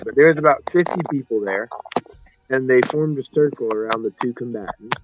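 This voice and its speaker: A man casually telling a personal story on a podcast, rambling and correcting himself as he goes. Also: mid-range voice. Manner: rambling, self-correcting, acts out voices in his stories. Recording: dry, slightly muffled podcast audio.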